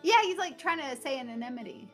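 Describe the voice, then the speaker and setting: A young woman co-hosting a podcast in casual chat, giggly and quick to laugh. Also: high-pitched, lively intonation, faint music behind. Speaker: podcast co-host.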